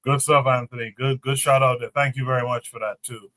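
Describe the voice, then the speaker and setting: A man hosts a casual livestream talk show with a bright, forceful voice. He keeps things relaxed and loose, leaning on filler words as he hands the mic to each guest. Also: medium pitch, brisk. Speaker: host.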